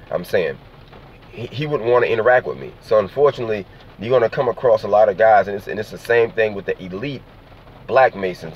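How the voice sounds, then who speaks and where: Low-voiced man rambling casually, lo-fi. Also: slight background noise. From New Orleans, Louisiana. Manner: loose, profane, rambling, with frequent "you see what I'm saying". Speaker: vlogger. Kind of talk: casual monologue to camera. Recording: dull lo-fi sound.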